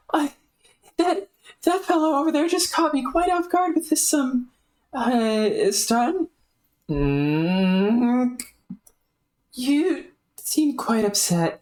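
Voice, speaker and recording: Une femme faisant une jeune femme polie et affolée. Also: female voice, high-pitched, darkish tone, voice pushed up. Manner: prim, apologetic, fretful politeness. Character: polite flustered young woman, well-mannered.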